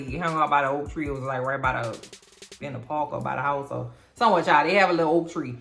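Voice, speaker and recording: A woman delivers a casual film recap full of slang and sass, telling the story in an animated way. Her voice is low-pitched yet bright and forward. She is recorded in an echoey room with faint music behind her. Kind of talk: casual movie recap commentary.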